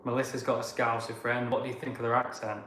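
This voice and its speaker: A man's voice: medium pitch, little pitch movement, fast, a bit bright. A man from Blackburn with a Lancashire accent, a travel vlogger casually reading out and answering viewer comments in a chatty, rambling way. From Blackburn, England. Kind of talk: casual live-chat Q&A. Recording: echoey room with background noise.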